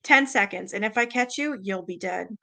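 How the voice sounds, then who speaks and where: A woman's voice: medium pitch, normal speed, bright, forceful tone. A woman reading out a menacing male stranger. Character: menacing adult man, predatory stranger.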